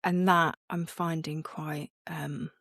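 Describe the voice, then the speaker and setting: A woman's voice: low voice, little pitch movement, slow pace, vocal fry, a bit bright, no room sound, clean studio sound. A middle-aged woman co-hosting a podcast as the mother, chatting casually and laughing at herself. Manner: chatty, self-mocking, laughs often. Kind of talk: casual chat.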